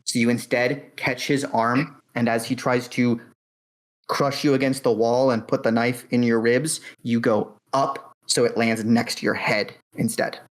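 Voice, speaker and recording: A man narrating as game master of a tabletop horror game, calm and matter-of-fact with frequent fillers. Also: mid-range voice, measured pace, rough recording.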